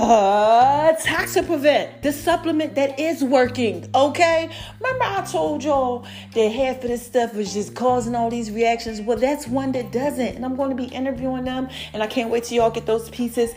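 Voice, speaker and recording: A young adult woman talks straight to her listeners as a podcast host, chatty and animated. Her voice sits fairly high and jumps up and down in pitch, drawing out her exclamations. Faint music plays quietly behind her. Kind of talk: casual chat.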